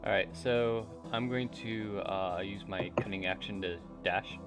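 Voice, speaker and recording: A man's voice: on the low side, steady tone, a little slow. A man as a player in a tabletop game, talking plainly about his character's moves. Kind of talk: casual tabletop play. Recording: music playing behind.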